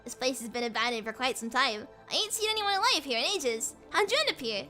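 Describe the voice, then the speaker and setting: Woman doing a gruff old southern man. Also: high-pitched, big pitch swings, fast talker, pushed and bright, faint music behind, full character voice. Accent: put-on American Southern. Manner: rough, folksy, swearing. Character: gruff old male scavenger with a drawl.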